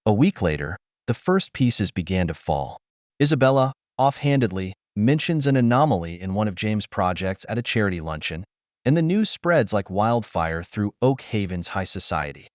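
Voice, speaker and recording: Low-voiced male story narrator. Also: sing-song, moderate pace, dry recording, clean studio sound.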